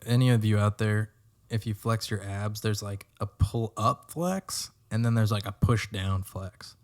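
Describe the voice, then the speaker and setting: A man's voice: fairly low pitch, unhurried, darkish tone. A man co-hosting a casual podcast, talking in a laid-back way with lots of filler words and casual swearing. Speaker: podcast co-host. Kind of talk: casual chat.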